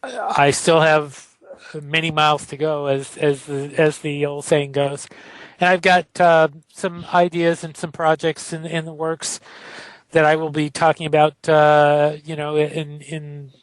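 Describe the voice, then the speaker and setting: Halting man, slightly high voice. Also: level tone, no room sound. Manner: halting, many fillers and restarts. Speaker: podcast co-host. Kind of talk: casual podcast chat.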